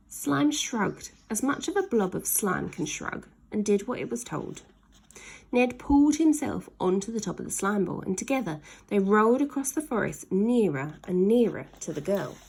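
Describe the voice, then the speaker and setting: A woman reading a children's story aloud in an expressive, dramatic storytelling manner. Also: medium pitch, moderate pace, creaky, husky.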